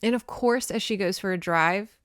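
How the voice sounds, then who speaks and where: A woman's voice: mid-range voice, moderate pace, no echo, studio quality. A young woman hosting a casual podcast where she recaps an old novel, chatty and giggly, swearing freely. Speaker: podcast host.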